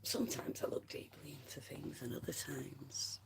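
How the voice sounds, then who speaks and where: A livestream host chatting casually with viewers in a soft, half-whispered voice and laughing often. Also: medium pitch, level tone, moderate pace, gravelly. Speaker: livestream host reading chat.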